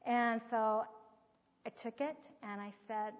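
A woman's voice: fairly high pitch, slow. A woman earnestly telling a story as part of a sermon, with vivid retelling and acted quotes. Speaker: speaker teaching on child discipline. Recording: dull recording with long hall reverb.

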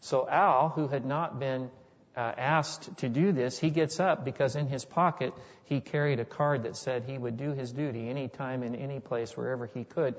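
A man preaching a sermon, retelling a war story in a slow, conversational way with frequent restarts and quoted dialogue. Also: medium pitch, steady tone. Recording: dull sound in a reverberant hall.

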